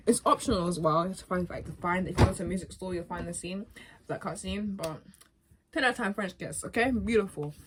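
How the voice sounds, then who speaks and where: A woman's voice: lowish voice, slight background noise. Rambling young woman gushing about a game. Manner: rambling, self-correcting, animated. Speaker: gaming vlogger. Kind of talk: casual rambling chat.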